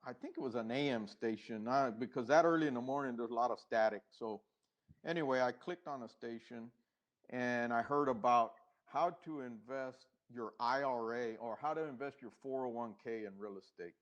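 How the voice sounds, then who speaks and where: A middle-aged man, a podcast guest, telling his own story in an unhurried, reflective way, with pauses and restarts, and acting out the past conversations. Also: medium pitch, muffled recording. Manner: acts out past dialogue.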